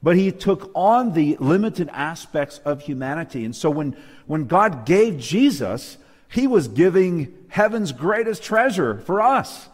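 Male preacher, slightly raised pitch, emphatic sermon style, lingering hall reverb. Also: very animated, a little slow. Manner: emphatic, rhetorical questions, calls for amen. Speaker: preacher co-leading a Bible lesson. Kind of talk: sermon-style Bible study. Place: church hall with live and online audience.

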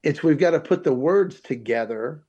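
A man's voice: on the high side, moderate pace, breathy edge, muffled recording. A comedian telling his story in an interview, acting out the voices of the people he quotes. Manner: animated, acts out quoted voices. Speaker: comedian guest.

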